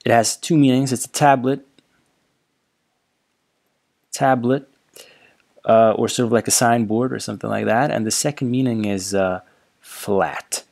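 A man explaining written characters in a relaxed lecture over slides, with frequent fillers and repeated words. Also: mid-range voice, unhurried, gravelly, long pauses. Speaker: language teacher.

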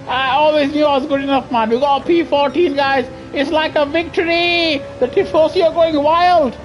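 A man with a high voice, giving excitable live commentary on a racing game, chatting with viewers and yelling as he gains places. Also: normal speed, hardly any pauses, soft background music. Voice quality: high-pitched voice. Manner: excitable, yelling at the race, laughing often. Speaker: gaming streamer.

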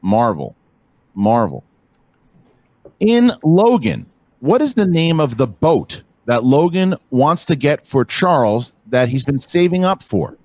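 A man acting as quizmaster, reading trivia questions and counting down in a measured way. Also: mid-range voice, very animated, a little mellow.

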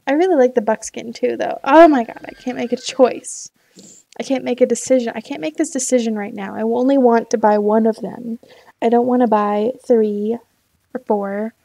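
Her voice sits a little high, with vocal fry, a dark tone and no echo. This young gaming YouTuber rambles through casual let's-play chat, indecisive and muttering to herself as she talks herself into and out of decisions.

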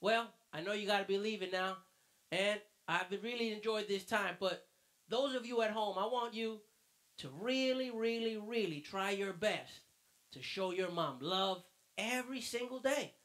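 A man's voice: high-pitched, a little slow, fairly bright tone. A man teaching a children's church lesson in a fatherly way, then quizzing the kids. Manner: fatherly, calls the listener mijo.

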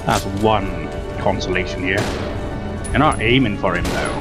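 A man's voice: low-pitched, a little slow. Sweary man commentating a game. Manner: exasperated, sweary, sarcastic. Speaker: let's play gamer. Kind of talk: gameplay commentary. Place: home room with a cat. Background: game music.

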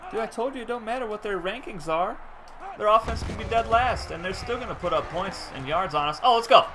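Excitable male game streamer, lively pitch. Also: fairly quick, noisy background. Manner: excitable, laughs often, breaks into shouting on big plays; chats with viewers. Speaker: gaming streamer. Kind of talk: live gameplay commentary.

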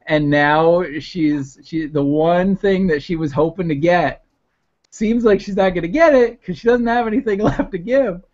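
A man's voice: on the high side, darkish tone. A man narrating a tabletop game as game master, hesitant and laughing often, heard on a muffled lo-fi recording.

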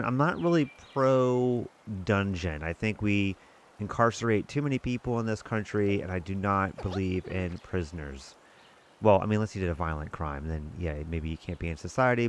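A man hosting his own gaming channel, chatting casually and rambling while he plays a board game adaptation. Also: lowish voice. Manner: chatty, rambling, self-amused. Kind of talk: casual let's-play commentary.

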